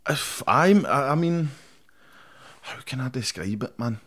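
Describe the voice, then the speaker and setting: A man's voice: medium pitch, expressive, a little slow, a bit bright. A young Scottish man, a rapper guest in a casual interview, talking bluntly and defiantly with heavy swearing and constant "mate". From Scotland.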